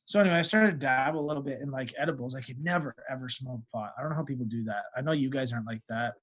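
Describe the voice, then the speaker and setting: A young man who is a guest on a podcast, telling stories in casual chat, swearing freely and animated. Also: medium pitch, very fast. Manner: profane, animated storyteller.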